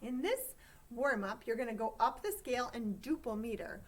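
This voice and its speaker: A woman teaching a choir, giving calm, step-by-step instructions for breathing and vocal warm-ups. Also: on the high side, normal speed.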